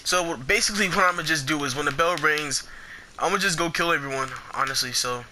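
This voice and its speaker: A young man giving casual gameplay commentary, excitable and foul-mouthed, trash-talking the players he fights. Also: a little high, fast, noisy background. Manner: excitable, swears a lot, trash-talks opponents.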